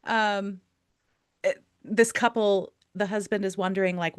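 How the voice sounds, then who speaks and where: A woman's voice: mid-range voice, level tone, moderate pace, clean tone, dry recording. Woman cohost telling a funny story, upbeat, dry close sound. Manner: upbeat, tells anecdotes with acted-out dialogue. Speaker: podcast co-host. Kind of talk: casual storytelling chat.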